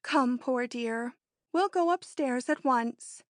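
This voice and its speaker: A woman's voice: sits high, no echo, clean studio sound. A woman doing a bold young heroine. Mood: eager. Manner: brisk, quietly triumphant. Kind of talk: audiobook character reading.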